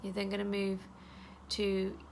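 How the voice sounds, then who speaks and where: A woman leading an EFT tapping session in a casual, chatty way, saying the affirmations softly and trailing off into a whisper. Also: medium pitch, monotone, measured pace, a little hiss or hum. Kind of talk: guided tapping instruction.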